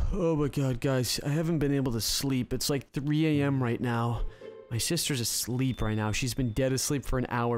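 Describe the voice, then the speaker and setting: A man hosting a gaming video, commenting on a role-play game in an excitable, exclaiming way and quickly turning indignant. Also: on the high side.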